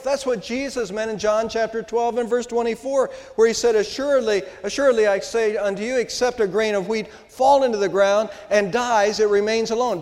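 An older man, a pastor, preaching an Easter sermon in a church, with emphatic rises and slow, stressed words. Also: very high voice, darkish tone. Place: church sanctuary. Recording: long hall reverb.

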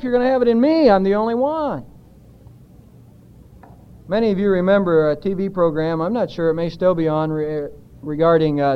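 A man's voice: high voice, clear, resonant tone, highs cut off. A man preaching an expository sermon as a pastor, speaking emphatically and putting rhetorical questions to the congregation.

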